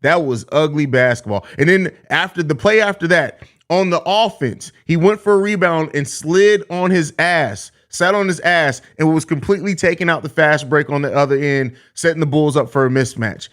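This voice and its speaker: A man's voice: on the high side, normal speed, hardly any pauses, fairly bright tone. A man hosting a live sports podcast, reading chat messages and reacting in a blunt, profane, sarcastic way. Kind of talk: casual live-stream sports talk.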